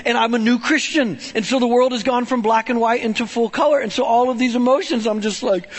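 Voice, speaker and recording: A man preaching a storytelling sermon in an animated, conversational way, often checking in with "right?". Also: extremely high pitch.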